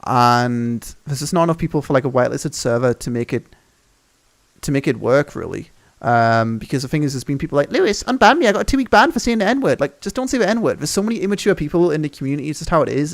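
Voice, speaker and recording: A young man hosting a gaming channel, giving excitable, rambling, swear-filled commentary as he tours a game map. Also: medium pitch, gravelly.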